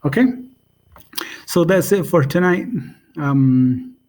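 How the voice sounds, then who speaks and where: A man teaching a language in a casual spoken lesson, unhurried and hesitant, with many pauses and fillers. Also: on the high side, darkish tone.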